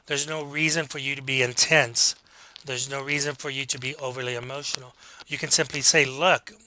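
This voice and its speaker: A man teaching a communication class, talking through examples in a relaxed, conversational way and acting out quoted lines. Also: on the high side, low-quality recording. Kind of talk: recorded online lecture.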